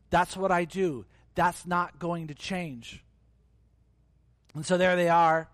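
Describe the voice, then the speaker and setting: A man's voice: a little high, no room sound. A male pastor preaching a sermon in a conversational, emphatic way, acting out little scenes as he goes.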